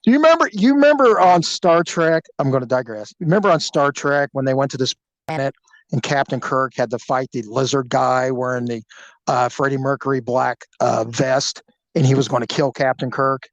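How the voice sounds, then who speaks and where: A man hosting a podcast, telling a story in an animated, crude, joking way. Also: mid-range voice, normal speed, no echo, low-quality recording. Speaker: podcast host.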